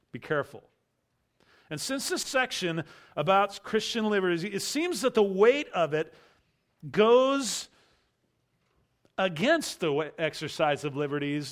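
A man preaching a sermon in a conversational way, mixing verse readings with a personal story. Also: high-pitched. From United States. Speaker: pastor.

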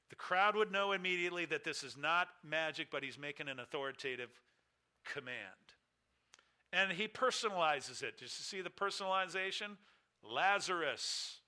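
A man preaching a sermon, emphatic, with big swings in loudness and pitch. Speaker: pastor.

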